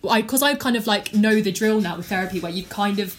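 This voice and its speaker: A woman's voice: medium pitch, fast talker. A woman in her twenties, a podcast guest telling her story frankly and upbeat, swearing casually, with lots of "like" and "um". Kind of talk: candid conversational storytelling.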